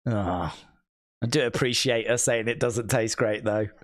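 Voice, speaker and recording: A man's voice: medium pitch, a little slow. A man hosting a live watch-along stream, chatting casually and joking as he reacts to what he sees.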